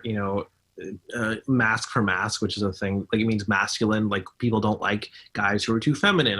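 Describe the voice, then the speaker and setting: A man's voice: fairly low pitch, fairly bright tone, slightly rough. A man who is a guest on a podcast, explaining his views earnestly in casual conversation, with frequent restarts.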